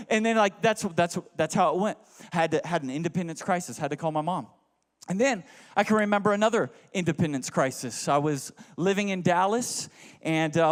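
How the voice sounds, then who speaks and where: High-voiced young man preaching in a reverberant hall. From Houston, Texas. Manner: animated, joking, drops to low asides. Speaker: pastor. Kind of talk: humorous storytelling sermon. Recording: long reverb of a large hall.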